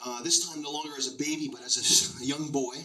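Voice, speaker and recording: A man doing stand-up comedy, telling absurd stories in a deadpan, rambling way. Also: on the high side, quick pace, echoey room, recorded from a distance, rough recording.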